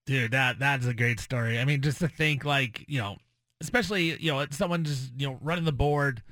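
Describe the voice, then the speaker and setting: A man's voice: medium pitch, a little fast, pushed and bright, no echo, clean studio sound. Enthusiastic, rambling male co-host. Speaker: radio co-host. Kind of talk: casual sports radio chat.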